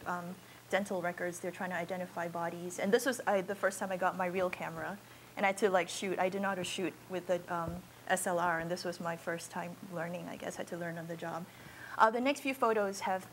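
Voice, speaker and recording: A woman's voice: fairly low pitch, a little hiss or hum, poor audio. A woman photojournalist giving an informal slideshow talk in a university auditorium, speaking in a candid, conversational and unpolished way.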